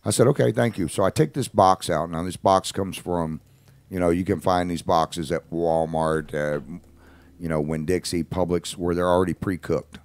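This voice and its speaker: A middle-aged man, a radio host, telling a personal anecdote in a blunt, animated, indignant manner. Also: low voice, moderate pace, no room sound. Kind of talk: casual spoken anecdote.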